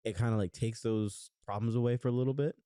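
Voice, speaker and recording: A young man co-hosts a podcast in a mid-range voice, talking quickly with a steady, warm tone. He chats casually and rambles, full of fillers and restarts. The studio-quality recording has no echo.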